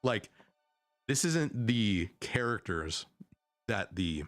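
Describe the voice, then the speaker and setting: A man's voice: fairly low pitch, sing-song, takes it slowly, a bit bright, soft background music. A young man streaming as a vtuber, chatting casually about internet news in a rambling way, often cutting himself off and restarting. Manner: rambling, self-interrupting, conversational.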